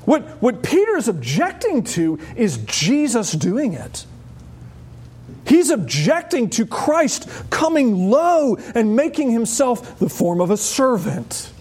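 A man preaching a sermon as pastor, animated and wry, often laughing as he explains a passage. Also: very high voice, slow pace, breathy edge.

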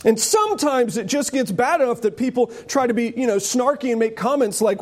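A man preaching a sermon with animated delivery and joking asides. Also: extremely high pitch, a little fast, hardly any pauses.

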